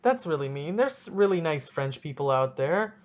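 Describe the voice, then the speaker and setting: A man hosting a casual solo sports podcast, talking in an excitable, rambling and jokey way, with a stuffy nose. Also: on the high side, normal speed. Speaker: podcast host.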